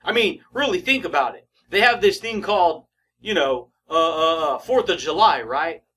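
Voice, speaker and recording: A man's voice: on the high side, animated, moderate pace, sharp tone, slight background noise. A man giving a casual motivational talk, slangy and emphatic, often laughing and calling the listener buddy and baby. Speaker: motivational speaker.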